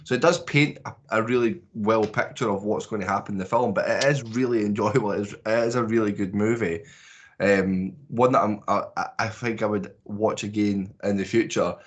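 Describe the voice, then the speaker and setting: A Scottish man with a fairly low voice rambles through a casual movie review for a podcast. He swears freely and restarts his sentences often as his thoughts pile up. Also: fairly even intonation, moderate pace. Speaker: podcast co-host.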